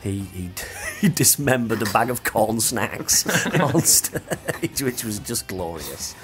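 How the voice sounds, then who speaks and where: Man, low voice, halting casual podcast host, faint music under him. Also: big pitch swings, a bit bright. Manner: hesitant, repeats words. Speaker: band member asking questions.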